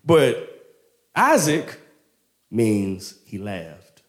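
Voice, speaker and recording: A man preaching a casual storytelling sermon, slangy and animated, laughing often. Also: fairly low pitch, extremely slow.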